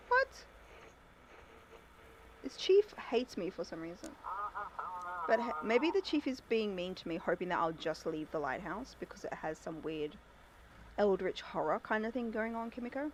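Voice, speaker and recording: Excitable woman streaming a game. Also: medium pitch, normal speed, long pauses, noisy background. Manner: chatty and excitable, reacting to the game and to chat. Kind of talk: live gameplay commentary.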